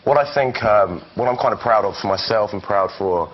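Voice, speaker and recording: Young english guy on a tv talk show, kinda low voice, talks quick, lots of uhs, bit dull sound. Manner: hesitant, filler-heavy, polite. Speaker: guest actor. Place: television studio.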